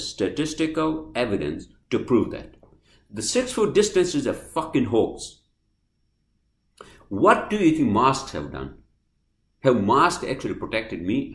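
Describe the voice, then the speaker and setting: A man hosting a podcast, ranting angrily and swearing, swinging from loud outbursts to quiet apologies. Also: medium pitch, reverberant. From New Jersey, US. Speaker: podcast host. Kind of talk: heated podcast rant.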